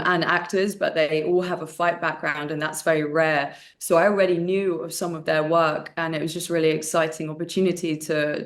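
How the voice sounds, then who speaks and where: A young woman, an actress and martial artist, chatting in an interview, animated with many fillers and restarts. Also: sits low. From United Kingdom. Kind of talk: casual interview chat.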